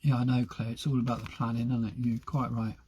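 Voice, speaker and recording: A man's voice: medium pitch, flat delivery, quick pace, darkish tone, slightly rough. A man hosting a gardening live stream, chatting casually and rambling to himself as he sows seeds in a greenhouse. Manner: chatty, rambling, talks to himself while potting. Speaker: gardening channel host. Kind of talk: casual live-stream chat while working.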